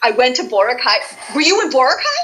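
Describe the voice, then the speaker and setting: Woman, voice actress guest, effusive storyteller, high lively voice, bright tone. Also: fairly quick, poor audio. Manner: animated storyteller, effusive, many restarts. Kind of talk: casual interview chat.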